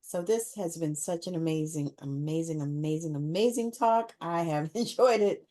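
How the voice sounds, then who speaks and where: A woman's voice: sits low, moderate pace, mellow. A woman hosting a podcast, effusive and laughing often, repeating words for emphasis. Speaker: podcast host. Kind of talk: casual interview wrap-up.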